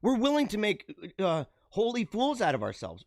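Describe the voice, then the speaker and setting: A high-pitched man hosts a live show, giving an exuberant, preachy pep talk with frequent laughs. The sound is dry and close, with no room around it. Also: huge pitch swings, moderate pace, hardly any pauses, darkish tone, dry recording. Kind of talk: motivational monologue.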